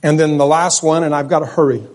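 This middle-aged man delivers a story-driven sermon fast, in a slightly high voice. His conversational style is loose and frequently animated, full of self-corrections.

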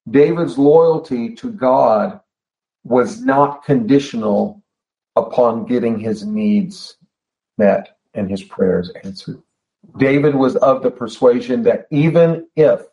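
An earnest male pastor delivers a sermon in a church, his voice sitting in an ordinary middle register. He repeats himself for effect and slows right down when he wants a point to land. The recording is slightly dull and lo-fi. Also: medium pitch, mellow. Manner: earnest, emphatic, repeats phrases and slows down for stress.

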